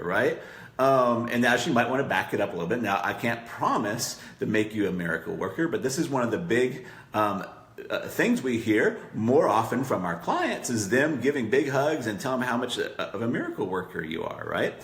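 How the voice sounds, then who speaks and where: A man's voice: fairly low pitch, expressive, moderate pace, roomy sound. A man teaching marketing copy in a coaching session, talking conversationally and checking in with "right?" as he acts out client quotes.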